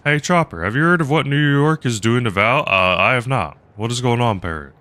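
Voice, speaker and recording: A man's voice: mid-range voice, animated, a little fast, sharp tone. A man live-streaming a game, rambling casually and chatting with viewers between laughs. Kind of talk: casual gaming commentary.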